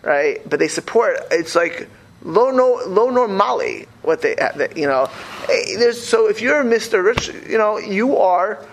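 A man's voice: high-pitched, lively intonation, measured pace, vocal fry, slight background noise, rough recording. A man talking casually and animatedly, rambling through many fillers and restarts. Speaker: speaker. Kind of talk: casual talk on religious community life.

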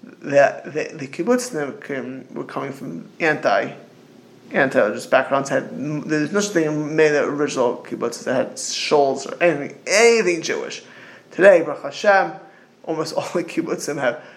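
A middle-aged man acting as a rabbi gives an informal religious talk, rambling and digressing with frequent restarts and storytelling asides. His voice is fairly high-pitched and moderately paced.

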